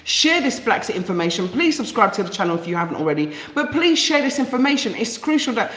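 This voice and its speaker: A woman's voice: on the high side, very animated, fast, fairly bright tone. London woman, live stream host, impassioned and repetitive, recorded in a roomy, echoey space. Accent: London English. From East London, England. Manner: passionate, emphatic, repeats phrases for effect. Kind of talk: live stream monologue reading viewer comments.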